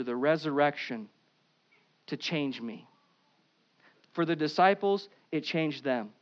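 A pastor preaching an Easter sermon, with animated swings between loud emphasis and quiet asides. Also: male voice, a little high, highs cut off.

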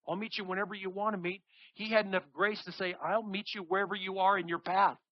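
High-voiced preacher, muffled dry sound. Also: male voice, fast talker, dry recording. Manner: animated preaching, acting out the people in the story. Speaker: pastor. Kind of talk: sermon.

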